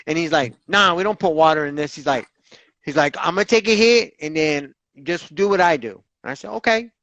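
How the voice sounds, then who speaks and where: A man telling his own recovery story in an interview, animated and candid, acting out the voices of others and swearing casually. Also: on the high side, brisk, no echo, highs cut off. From Southern California.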